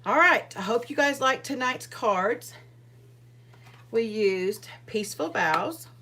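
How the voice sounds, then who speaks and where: A woman's voice: on the high side, lively intonation, slow, bright, forceful tone, a little hiss or hum. A woman hosting a live card-making demonstration, chatting casually with viewers and rambling with many fillers and asides. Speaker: card-making livestream host.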